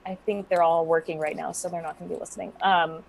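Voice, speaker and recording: A woman's voice: fairly low pitch, fairly even intonation, fast talker, vocal fry, a little mellow. A young woman, a guest dungeon master, in casual chat, bubbly and giggly with lots of fillers.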